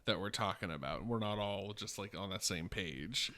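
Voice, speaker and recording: Low, smooth-voiced guy in his twenties. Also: normal speed, pushed and bright. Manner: rambling, profane storytelling with many fillers. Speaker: podcast co-host. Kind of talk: casual podcast chat.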